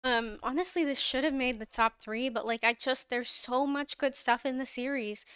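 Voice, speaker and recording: Young woman, livestream host, gushing fan energy; bright-pitched, very clean voice, dry and close on mic. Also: normal speed, clear, resonant tone, dry recording. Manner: gushing and giggly, frequent laughs and restarts. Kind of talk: casual fandom chat on a livestream. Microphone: own microphone, close.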